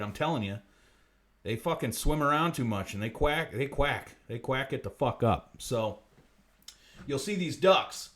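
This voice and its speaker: Brief: man, profane comedy stream host, somewhat high voice, rants between mutters and bursts. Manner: swearing constantly, ranting, swinging from mutters to loud outbursts. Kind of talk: profane comedic livestream monologue.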